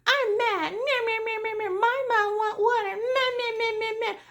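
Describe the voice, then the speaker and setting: A woman's voice: extremely high pitch, normal speed, fairly bright tone, a little hiss or hum, voice pushed up. A woman voicing a whiny, entitled family member of a patient with a nagging, mocking babble.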